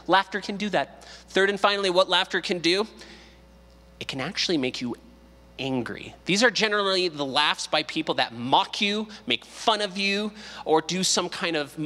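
A man's voice: fairly high pitch, bright, forceful tone. A man in his thirties, a pastor teaching a casual Bible study, joking and acting out quotes as he goes. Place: church sanctuary. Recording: long hall reverb.

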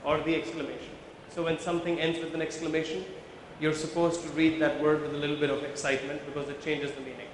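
A man's voice: a little high, little pitch movement, quick pace. A man leads a workshop on visual merchandising, explaining his points step by step and quizzing the audience. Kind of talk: workshop lecture with audience questions. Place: large conference hall with a live audience. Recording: very echoey hall, faint background noise.

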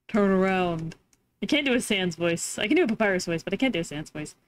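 A woman's voice: medium pitch, animated, normal speed, long pauses, a little hiss or hum. A woman streamer giving casual commentary on a game, joking, swearing and laughing often. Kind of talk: casual let's-play commentary. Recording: game music behind voice.

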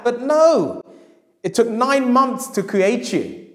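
A man's voice: extremely high pitch, very animated, slow pace. A middle-aged male historian giving a public lecture, with emphatic repetition and acted quotes when he tells a story. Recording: echoey hall.

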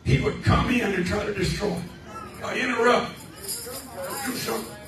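A man preaching a fervent revival sermon, shouting out praise and repeating his lines. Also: extremely high pitch, unhurried, over music. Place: church sanctuary. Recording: echoey church hall, from far off, congregation around.

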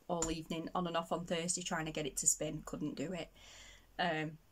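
A middle-aged woman from Northern England with a Northern English accent, chatting casually and rambling as a vlogger, laughing often. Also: on the low side. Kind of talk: casual chat.

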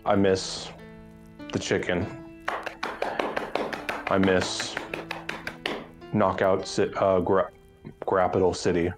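A man with a very low voice hosts a live stream, talking haltingly in a mock-mournful deadpan. Faint music plays under him. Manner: halting, deadpan, many fillers. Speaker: streamer host.

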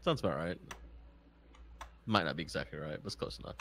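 A man's voice: rumbling low, lively intonation, quick pace, fairly bright tone, a little hiss or hum. An American man teasing a friend with dry jokes while they play a game together. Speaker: co-player. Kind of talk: casual gaming banter.

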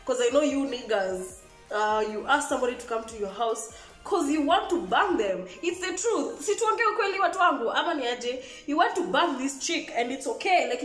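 A young Kenyan woman with a Kenyan accent telling an exasperated, animated storytime vlog, switching between languages. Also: high-pitched, roomy sound. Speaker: vlogger.

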